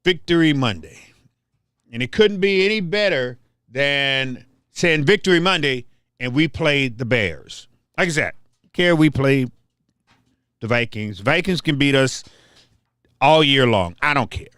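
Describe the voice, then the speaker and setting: A man's voice: mid-range voice, lively intonation, a little slow, fairly bright tone, clear, resonant tone, no room sound, clean studio sound. An older man hosting a livestream, ranting casually and trash-talking viewers, often repeating his words. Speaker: livestream host.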